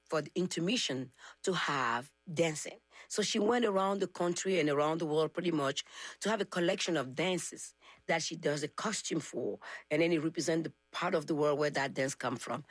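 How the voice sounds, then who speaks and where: Animated woman storyteller. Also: low voice, dry recording. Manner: animated, acts out dialogue in her stories. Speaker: guest, singer. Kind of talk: conversational storytelling.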